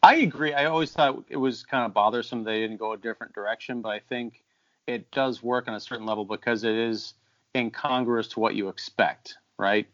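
A man's voice: mid-range voice, steady tone, fairly quick, dry recording. Brief: thoughtful podcast guy breaking down a movie, dry lo-fi call sound. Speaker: podcast co-host. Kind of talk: casual film discussion. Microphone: video call. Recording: dry dull video call audio.

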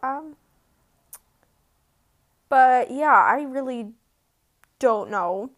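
A woman's voice: mid-range voice, extremely slow, long pauses. A teenage girl chatting on her own podcast, rambling and giggly with lots of "like" and "um", sleepy and yawning. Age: teens. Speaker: podcast host. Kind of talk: casual solo podcast chat.

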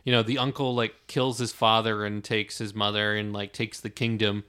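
A man's voice: lowish voice, flat delivery, normal speed, bright, forceful tone, smooth. A man in casual movie chat, enthusiastic and often trailing off while searching for words.

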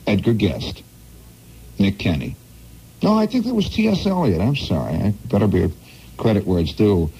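A radio host from the Midwest telling a rambling, digressive story in a wry, playful way, full of asides. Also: male voice, medium pitch, very animated, measured pace, mellow, husky, low-quality recording. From American Midwest.

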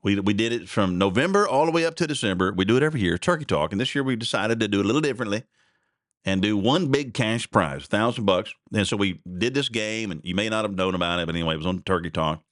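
This is a middle-aged man hosting his radio show, rambling and folksy, tripping over his words as he chats. His voice sits fairly low. The sound is dry and close, with no room behind it. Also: animated, fast talker, a bit bright, no room sound. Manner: rambling, chatty, folksy with many restarts. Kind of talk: casual radio talk.

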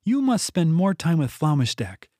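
A man voicing a calm, commanding female monarch who speaks with quiet authority. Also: on the high side, moderate pace, no echo, clean studio sound, voice pushed up.

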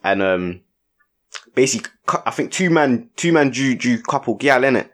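Speaking at a moderate pace in a mid-range voice, this young co-host spins an animated story on a casual podcast. His talk is packed with slang and tag questions like "innit" and "you get me."

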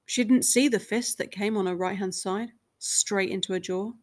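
A woman reading a short dramatic story aloud in measured, even scripted narration. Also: mid-range voice.

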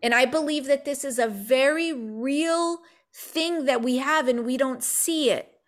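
Animated woman telling a faith story. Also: high-pitched. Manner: animated storyteller, acts out quotes, quick bursts of speech. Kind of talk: casual faith talk, storytelling.

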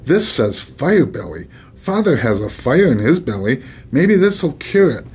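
A man's voice: medium pitch, sing-song, measured pace, a little mellow, breathy edge, voice pushed up, exaggerated voice. A man reading aloud, voicing a young boy squire in a raised, urgent storybook voice. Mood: anxious, urgent.

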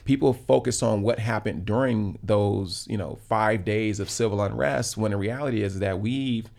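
A man's voice: lowish voice, moderate pace, creaky, a little mellow. A man in his thirties from South Los Angeles, a podcast guest telling reflective stories in casual talk, full of fillers and restarts. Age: 30s. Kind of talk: casual conversational storytelling.

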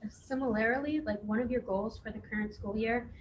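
A woman's voice: a little high, moderate pace, a little hiss or hum, rough recording. Young woman interviewer with casual questions. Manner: casual, with frequent "like". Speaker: student interviewer.

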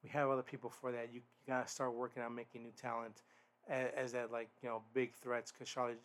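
A man hosts a podcast, talking through a wrestling show on his own in a loose, rambling way. His delivery stays fairly level and flat in pitch, with many restarts and blunt, sweary asides. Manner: rambling, frequent restarts and fillers. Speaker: podcast host. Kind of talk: casual solo wrestling review.

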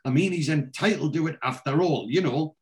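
A man's voice: fairly high pitch, brisk, a little mellow, voice pushed up, close to an everyday voice. A man putting on the voice of a slimy lawyer who stammers and dodges questions. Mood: flustered. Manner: stammering, evasive. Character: slimy, flustered middle-aged male lawyer.

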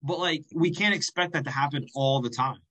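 A man co-hosting a podcast, working through his football points in a measured way. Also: a little high, bright, forceful tone, low-quality recording. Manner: measured, reasoning, with restarts. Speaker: podcast co-host. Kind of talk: casual sports chat.

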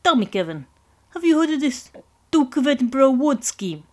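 A woman voicing a smooth, menacing male mob boss with a put-on New Jersey accent. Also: sits high, sing-song, normal speed, mellow, pitched above the performer's own voice.

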